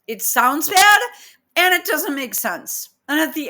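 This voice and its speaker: A woman's voice: high-pitched, animated, measured pace, pushed and bright. A woman reading posts aloud and picking apart their grammar in an exasperated, incredulous casual rant. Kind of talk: casual ranting commentary.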